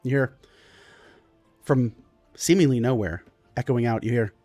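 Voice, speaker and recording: A man narrating as game master of a tabletop game, descriptive and unhurried, with frequent fillers. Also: mid-range voice, dark tone, no echo, faint music behind.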